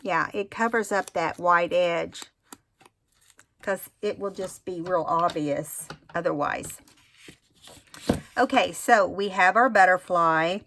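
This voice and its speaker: A woman's voice: fairly low pitch, a bit bright, slight background noise. A woman hosting a craft tutorial, talking casually and rambling as she demonstrates. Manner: chatty, rambling, self-admittedly unhurried.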